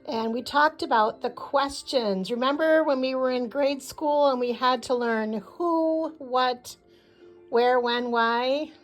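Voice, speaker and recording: A woman teaching a Spanish class, calmly pronouncing each word for her students. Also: a little high. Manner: clear, deliberate pronunciation of words. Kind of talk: slow classroom lesson.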